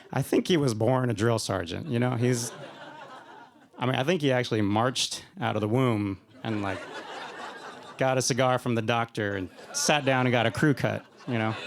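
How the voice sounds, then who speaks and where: Gravelly man telling a funny story. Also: mid-range voice. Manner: rambling, self-deprecating humor, laughing through lines. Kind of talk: live storytelling. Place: stage at a live event.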